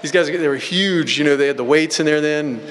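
A man tells his recovery story at a meeting, quick and blunt, wandering from one aside to the next and leaning on filler words. His voice sits fairly high for a man. It rings out through a large hall with a long, trailing reverb. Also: a bit bright, a little hiss or hum. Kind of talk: personal recovery testimony.

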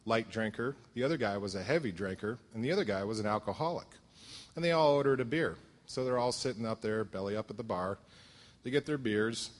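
A middle-aged man from southern Connecticut telling his story at a support meeting, self-deprecating and humorous, with many fillers. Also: lowish voice. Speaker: recovery meeting speaker. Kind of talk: personal testimony at a support meeting.

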